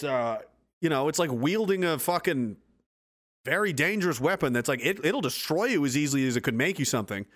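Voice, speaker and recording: A man's voice: fairly high pitch, fairly bright tone. A man from East Coast Canada hosting a livestream, reading out chat comments in a blunt, profane, rambling way.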